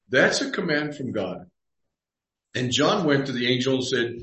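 A man's voice: medium pitch, animated, moderate pace, a bit bright. A man pastor teaches a Bible study in an easygoing, conversational way. He reads scripture aloud and acts out the people in the passages. His voice rings with a roomy echo. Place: church room.

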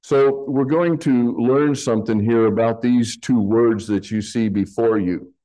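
A pastor teaching a sermon, slowly explaining Greek words from slides in a patient, deliberate way. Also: male voice, medium pitch, dark tone, rough recording.

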